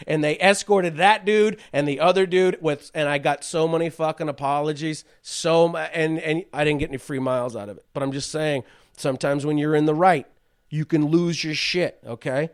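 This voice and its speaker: High, smooth-voiced man ranting profanely. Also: moderate pace. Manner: swearing, rambling storyteller with frequent restarts. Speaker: podcast host. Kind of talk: profane comedic rant.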